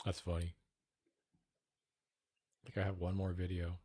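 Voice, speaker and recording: Low-voiced american guy streaming, swears a lot, kinda mumbly, dry close mic. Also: completely flat delivery, a little slow, mellow, breathy edge, no echo. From United States. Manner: profane, offhand, mutters while reacting to videos. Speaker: streamer host. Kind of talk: casual livestream chat.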